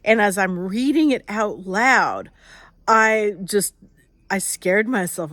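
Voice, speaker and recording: A woman's voice: mid-range voice, animated, slow pace, fairly bright tone, dry recording. An older woman, an author, with a nasal voice, chatting casually on a live stream, rambling and greeting viewers by name.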